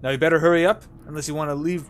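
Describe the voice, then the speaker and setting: A man voicing a boastful, grumpy old male fisherman with a put-on Southern accent, gruff and taunting. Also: on the high side, fairly even intonation, very fast, close to an everyday voice. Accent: put-on American Southern.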